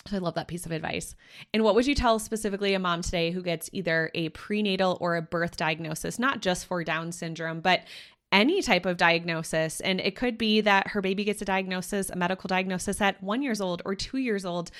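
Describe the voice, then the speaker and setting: A young adult woman hosting a podcast interview, talking in an empathetic, conversational way and often murmuring soft agreement while her guest speaks. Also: on the low side, normal speed. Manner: empathetic, frequent soft backchannel affirmations. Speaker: podcast host.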